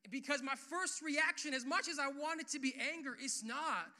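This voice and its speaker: High, bright-voiced young pastor preaching. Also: male voice, moderate pace. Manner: casual, animated preaching with frequent "like" and "uh"; swells louder and higher on key points. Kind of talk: sermon.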